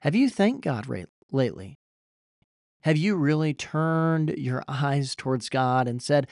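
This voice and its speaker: A man's voice: a little high, expressive, unhurried, gravelly, a little mellow, no room sound, studio quality. A young man from Iowa preaching a sermon, earnest and emphatic, his voice rising when he pleads. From Iowa, USA. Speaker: pastor.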